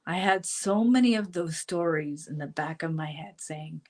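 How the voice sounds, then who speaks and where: A middle-aged woman, a spiritual teacher, telling a personal story to camera in a halting way, restarting often and acting out remembered voices. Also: deep voice, darkish tone, a little hiss or hum.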